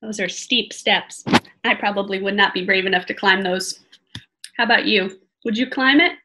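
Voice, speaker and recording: A woman reading a children's chapter book aloud like a teacher, gently pausing to ask her listeners questions. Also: mid-range voice, rough recording. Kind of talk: storybook read-aloud for children.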